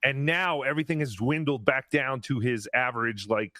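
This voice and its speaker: A man's voice: medium pitch, sharp tone, no room sound. Teasing male co-host, dry sound. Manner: dry, teasing, backs up the host with quick asides. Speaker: podcast co-host. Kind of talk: casual podcast chat.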